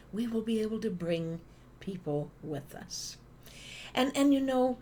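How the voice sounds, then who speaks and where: A middle-aged Canadian woman with a fairly low voice gives an animated motivational talk. She tells everyday stories with playful asides. Faint ambience is heard behind her. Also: slight background noise. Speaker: speaker.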